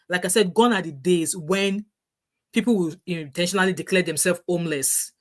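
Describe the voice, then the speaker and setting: A woman's voice: fairly low pitch, moderate pace. A middle-aged woman with a Nigerian English accent, vlogging casual advice earnestly and often restarting her sentences. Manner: earnest, repetitive, with frequent restarts.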